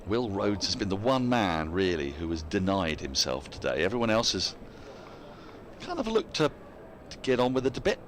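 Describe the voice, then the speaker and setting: A man's voice: low voice, sing-song, moderate pace, a little hiss or hum. A man giving live cricket commentary in a chatty way, laughing often and reading out listener emails between the play.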